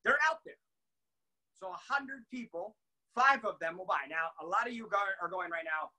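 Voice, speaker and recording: A young adult man giving a casual motivational training talk, animated and laughing, acting out quotes. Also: high-pitched, moderate pace, rough recording. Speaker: team trainer.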